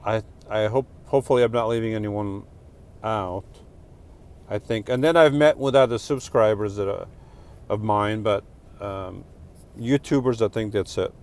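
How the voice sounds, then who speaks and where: A middle-aged man from Portugal with a New Jersey and New York accent hosts a casual live stream, reading comments while rambling, joking, and correcting himself. His voice is fairly low and he speaks at a normal speed.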